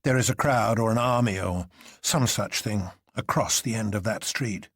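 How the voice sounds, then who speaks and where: A sharp-eyed man who reports danger in a quiet, bitter tone, as a story reader puts him on. The recording is close and dry. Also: medium pitch, moderate pace, slightly rough, no room sound. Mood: grim. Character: keen-eyed man, grimly alert. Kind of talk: audiobook character reading.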